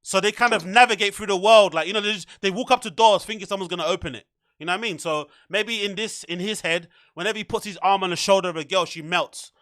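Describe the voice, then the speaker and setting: A young man with a high, bright voice talks through a loose, rambling podcast chat, packed with fillers and swearing. The sound is dry and close, with no room around it. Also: fast, no room sound. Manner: rambling, animated, swears a lot, filler-heavy. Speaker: podcast host. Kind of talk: casual chat.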